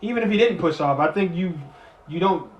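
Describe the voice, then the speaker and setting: While eating, a worked-up man narrates and reacts to a football game in real time, shifting from under-his-breath comments to shouting and cursing. He pitches high, talks a little fast, and the sound is reverberant.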